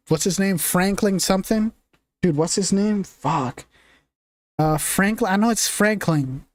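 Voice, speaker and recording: A man's voice: sits high, a little mellow, no echo. A young man streaming casual commentary, rambling, cursing, laughing often and groping for names.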